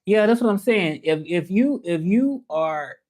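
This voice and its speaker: Reading viewer comments on his livestream, a Southern-accented language teacher talks straight to his audience in a relaxed way. His voice sits high with a somewhat dark tone, and he sounds expressive and unhurried.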